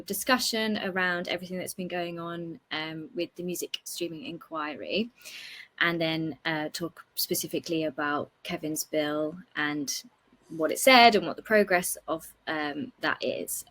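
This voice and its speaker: A young woman from the United Kingdom, an academic hosting a relaxed interview, chatty and animated with lots of "like". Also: fairly low pitch. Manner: chatty, animated, uses "like" a lot.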